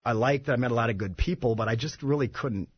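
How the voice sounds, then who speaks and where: A man as a radio studio guest, telling his recovery story in a halting way with many restarts. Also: mid-range voice, husky, dry recording, dull audio. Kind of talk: personal recovery testimony.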